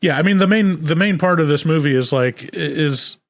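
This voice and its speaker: A man co-hosting a podcast, thinking aloud in a relaxed, casual chat about movies. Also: fairly high pitch, a little fast, no room sound. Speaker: podcast co-host.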